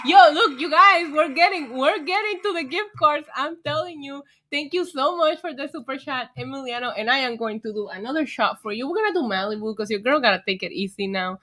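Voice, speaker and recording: Woman streamer, high and bright, excitable, tipsy, swears a lot. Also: a little fast, hardly any pauses. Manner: excitable, swears freely, laughs often. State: getting tipsy from shots. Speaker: livestream host. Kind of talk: casual livestream chat.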